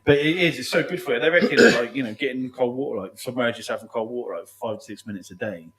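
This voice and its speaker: A podcast host with a medium-pitched, fairly bright voice chats casually with his guest, talking rapidly, rambling, swearing heavily and calling the guest "mate" again and again.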